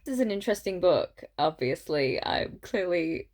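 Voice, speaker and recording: Tired young woman, book vlogger, lowish voice, dry sarcastic rants. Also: animated, moderate pace, few pauses, a little mellow. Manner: exasperated, sarcastic commentary with mocking quoted voices. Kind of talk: casual vlog book review.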